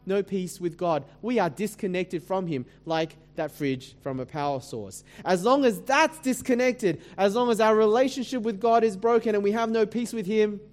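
Man, pastor, sermon, high voice, rhetorical questions, conversational preaching. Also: animated, normal speed, hardly any pauses, a little mellow. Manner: dramatic scripture reading.

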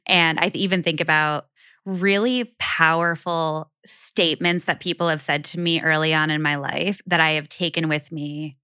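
A woman co-hosting a podcast, chatting warmly and affirming her partner, quick to agree and laugh. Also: deep voice, steady tone, smooth, no echo, studio quality. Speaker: podcast co-host. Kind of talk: casual conversational podcast chat.

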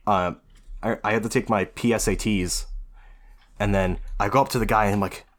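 A man's voice: lowish voice, fairly even intonation, moderate pace, faint music behind. A man telling rambling stories in a casual podcast chat, swearing freely. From United States. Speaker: podcast co-host.

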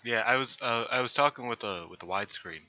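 Bright, rambling guy on a podcast. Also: medium pitch, fast, dry recording, low-quality recording. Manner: rambling, swears casually, filler-heavy. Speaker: co-host. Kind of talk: casual wrestling podcast chat.

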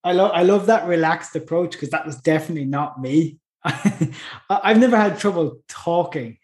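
A man's voice: on the high side, moderate pace, darkish tone. A man co-hosting a podcast in a chatty, easygoing way, laughing easily and restarting his sentences. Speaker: podcast co-host. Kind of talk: casual podcast chat. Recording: roomy echo.

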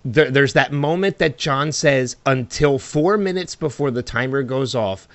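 A man's voice: medium pitch, measured pace, no room sound. A man chatting casually about a TV episode, laughing a lot and repeating himself as he builds a point. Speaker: podcast co-host. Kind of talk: casual TV recap chat. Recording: dull, lo-fi dry recording.

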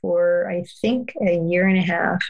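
Low, gravelly woman telling calm stories. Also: measured pace, highs cut off. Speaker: parenting guest expert. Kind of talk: storytelling in a podcast conversation.

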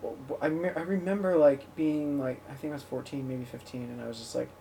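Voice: medium pitch, fairly even intonation, fast, creaky, mellow, recorded from a distance, a little hiss or hum. Giggly host rambling in a comedy chat. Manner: giggly, rambling, trails off mid-thought. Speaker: podcast host.

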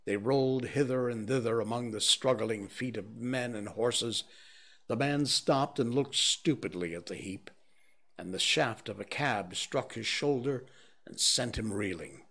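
A man reading a novel aloud as an audiobook narrator, in a slow, measured and grave way. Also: on the low side, creaky, a bit bright, husky. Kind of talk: scripted narration.

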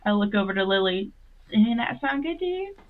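A woman's voice: mid-range voice, very animated, fast talker. A woman playing a tabletop game, speaking in character in a chatty way full of fillers. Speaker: player. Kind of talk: casual role-play. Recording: tinny phone-like line.

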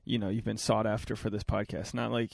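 A man's voice: on the low side, level tone, a little fast, gravelly, no echo, studio quality. Crude, joking male podcast host. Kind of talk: casual banter.

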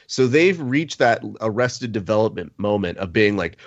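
A man with a lowish voice hosts a sports talk discussion, posing questions and bantering with playful indignation. His pitch moves a lot, and the sound is dry but a little dull. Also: lively intonation, moderate pace. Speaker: podcast host.

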